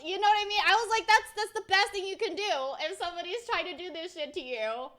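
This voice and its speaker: Young woman streaming, high bright voice, rambly and excitable, gets loud then quiet. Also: brisk, few pauses. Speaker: VTuber streamer. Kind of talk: casual chat, storytelling.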